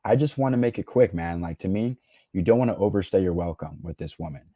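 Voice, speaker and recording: Cocky low-voiced man giving dating advice. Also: fast, mellow, no room sound, clean studio sound. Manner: cocky, slangy, laughs at his own jokes. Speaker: dating coach reacting to a clip. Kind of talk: reaction commentary to camera.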